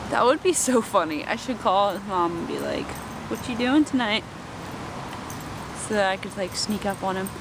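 A woman's voice: medium pitch, moderate pace, background noise. A young woman talking casually to her camera, rambling with lots of fillers. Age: young adult. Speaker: vlogger. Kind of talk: casual vlog chat.

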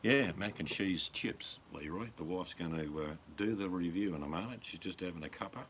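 A man's voice: sits low, moderate pace, a bit bright, a little hiss or hum. A middle-aged man, chatting casually and bluntly as a stream host, full of crude jokes. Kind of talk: casual live-stream chat.

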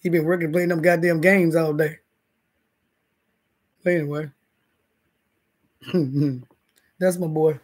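Casting: man with a raised, high voice, loose and profane, chatting to a live audience from bed. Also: fairly even intonation, slow pace, pauses often, a little mellow, husky. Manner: rambling, profane, talks straight to the chat. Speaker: livestream host. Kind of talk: casual livestream chat. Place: indoors, in bed.

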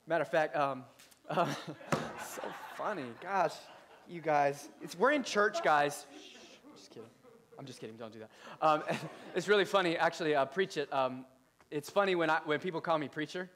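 A man's voice: on the high side, fairly bright tone. A male pastor giving a casual sermon to his church, playful and chatty, joking with the congregation. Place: church service.

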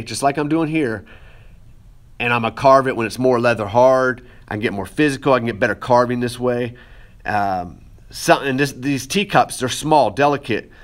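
A man's voice: medium pitch, fairly bright tone. A man teaching pottery, casually talking the viewer through each step of shaping clay, with playful asides to his students. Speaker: art teacher.

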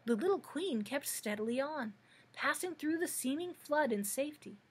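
A woman librarian reading a storybook aloud in steady narration. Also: high-pitched, normal speed.

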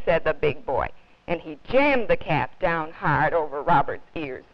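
A woman children's librarian with a low voice reads a picture book aloud at a measured pace, telling the story expressively. The audio sounds like dull, lo-fi 1950s television.

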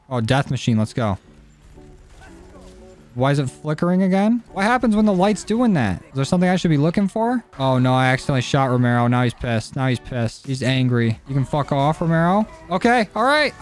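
A young man giving casual, jokey gameplay commentary, cursing and getting excited as he plays. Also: mid-range voice. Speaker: gaming YouTuber. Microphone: desk mic.

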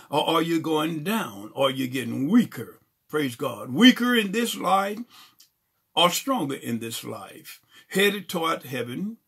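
A man's voice: on the high side, gravelly, pushed and bright, husky. A male pastor preaching a sermon, peppering his lines with "praise God" and questions to the congregation.

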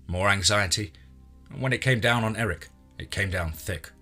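A man reads a horror story aloud in a tense, measured narration. His voice sits very low yet sounds bright and forward. Faint music plays underneath.

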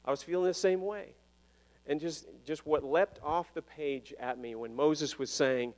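A man preaches in a fairly high voice, telling his story in a loose, self-deprecating way and laughing at his own jokes. His words ring out with the long reverb of a church sanctuary. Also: a little slow, a little mellow. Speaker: pastor. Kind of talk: sermon.

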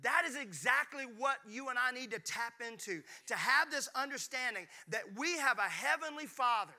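A man's voice: very high voice, moderate pace. A man, preaching a sermon with jokes and calls to the congregation. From Mississippi, US. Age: 50s. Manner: preaching with call-and-response to the congregation; animated, jokes and playful asides. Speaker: pastor.

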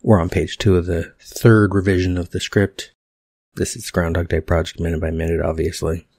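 Deep gravelly man with wry asides. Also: a little mellow, dry recording, clean studio sound. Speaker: podcast host. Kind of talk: casual commentary on a screenplay.

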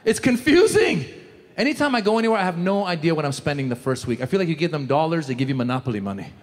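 A male stand-up comic with a fairly high voice, animated and jokey as he banters with the crowd and acts out little scenes. His stage mic rings out through a large echoey theater with a faint murmur of the audience behind. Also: fast, a little hiss or hum. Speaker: stand-up comedian. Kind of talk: stand-up comedy routine.

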